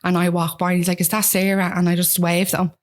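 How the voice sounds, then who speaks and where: Young dublin woman chatting openly in an interview, fairly low voice, lots of "like". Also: flat delivery, fast talker. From Ballymun, Dublin, Ireland. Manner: frank, with frequent "like" and restarts. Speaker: guest. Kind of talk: candid conversational storytelling.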